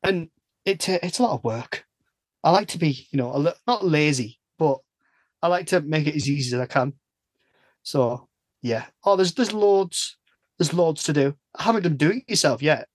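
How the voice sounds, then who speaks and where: English male podcast host, rambling chatty delivery, a bit high, dry close sound. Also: expressive, normal speed, no echo. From England. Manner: chatty, rambling, self-interrupting. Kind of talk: casual chat.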